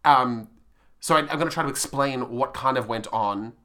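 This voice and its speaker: A man's voice: medium pitch, moderate pace, sharp tone. A man co-hosting a podcast in casual, rambling, playful chat. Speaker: podcast co-host.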